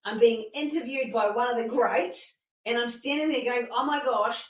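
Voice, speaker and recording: A woman fitness instructor telling a personal story in an animated talk, acting out her own panicked thoughts. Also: on the high side, moderate pace. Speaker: fitness instructor and masterclass speaker. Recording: distant, echoey and dull-sounding.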